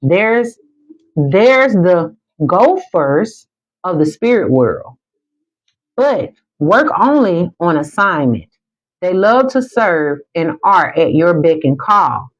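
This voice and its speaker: Deep-voiced woman, livestream spiritual reader, emphatic and repetitive, muffled lo-fi audio. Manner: emphatic and repetitive, slows down for calming affirmations. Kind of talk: motivational livestream chat. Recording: dull lo-fi sound.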